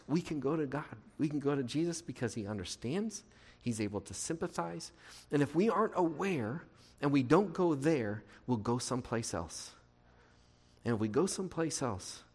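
Male pastor of medium pitch, preaching earnestly in a conversational style, heard in a big echoing hall. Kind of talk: sermon. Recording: reverberant hall.

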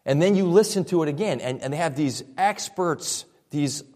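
A man's voice: a little high, animated, normal speed, a little mellow. A man preaching a sermon as pastor, speaking in a conversational way with frequent restarts. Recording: reverberant hall.

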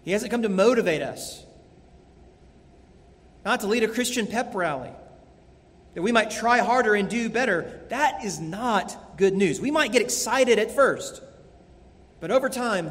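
Male pastor, high voice, earnest emphatic sermon, long hall reverb. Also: animated, a little slow, a bit bright. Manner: earnest preaching with emphatic repetition.

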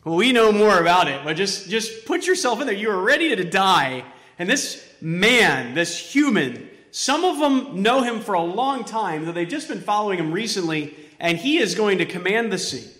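A pastor delivers a sermon with a bright, forceful edge, painting the scene vividly as he swings from loud urgency down to hushed near-whispers. His voice sits a little high for a man. It rings through a roomy church hall with a long reverb. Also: big pitch swings, normal speed. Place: church stage.

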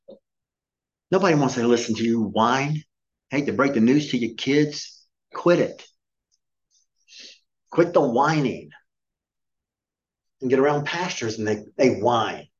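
A man's voice: mid-range voice, lively intonation, unhurried, long pauses, a little mellow, muffled recording. A middle-aged man preaching a sermon as pastor, emphatic and scolding, firing off rhetorical questions. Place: church.

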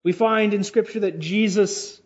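Man, preacher, high voice, fervent sermon, loud-to-soft swings, drawn-out words, dull lo-fi recording. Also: steady tone. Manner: fervent, swinging between loud high exclamations and low quiet passages.

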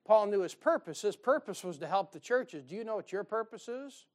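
A man delivers a sermon. He talks in a folksy, joking way and often rises into loud, fired-up bursts of preaching. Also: sits high, expressive, fairly quick.

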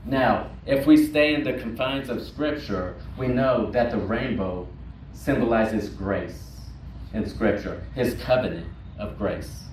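A man preaching a sermon as pastor, slow and emphatic, repeating words for weight. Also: mid-range voice, a little mellow. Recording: roomy echo, distant mic, faint noise.

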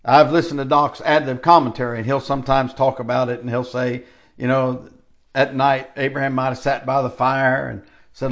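A man's voice: medium pitch, steady tone, normal speed. An older man preaching a sermon in a conversational, storytelling way, stretching out key phrases for emphasis.

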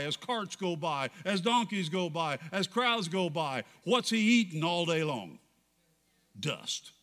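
Pastor guy preaching, bright high voice, big swings loud to hushed. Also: in a large hall. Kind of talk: sermon.

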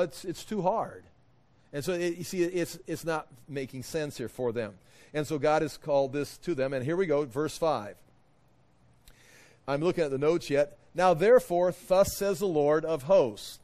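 A man's voice: fairly high pitch, darkish tone. A man teaching a Bible study in a folksy, conversational way, retelling scripture with modern asides and stopping to explain Hebrew words.

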